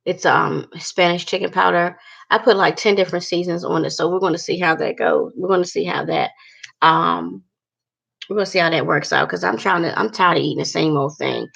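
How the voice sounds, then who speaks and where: A woman's voice: fairly low pitch, fairly even intonation, fairly quick, vocal fry, fairly bright tone, slightly rough. A woman talking candidly and bluntly to her viewers in a casual vlog, cursing freely and using lots of fillers. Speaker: vlogger.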